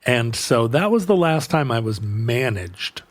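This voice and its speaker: A man's voice: medium pitch, a little slow. Man telling a rambling story. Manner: rambling, animated voices for quoted people. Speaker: podcast co-host. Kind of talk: casual storytelling chat.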